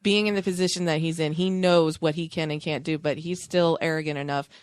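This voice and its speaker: A woman's voice: sits low, steady tone, brisk, clear, resonant tone, dry recording. A woman co-hosting a podcast in casual chat, agreeing and chiming in with short asides. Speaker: podcast co-host.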